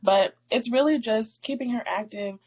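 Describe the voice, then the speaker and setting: A woman guest and mother chatting on a podcast in a relaxed, chatty way, laughing often. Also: fairly high pitch, normal speed, muffled recording. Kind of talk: casual podcast chat.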